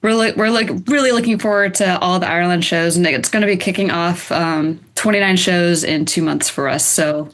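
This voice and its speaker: A young woman from the United States, a band's bassist, telling stories in a casual interview with many "like"s and laughs. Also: fairly quick, few pauses, fairly bright tone. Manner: chatty, laughing storyteller with lots of "like". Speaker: band bassist, guest.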